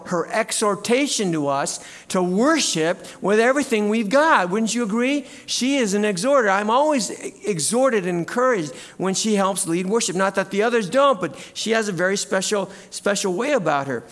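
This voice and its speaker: Bright-voiced, high-pitched male pastor preaching. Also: normal speed, few pauses. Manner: animated, shouts out quoted cheers. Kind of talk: sermon. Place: church sanctuary.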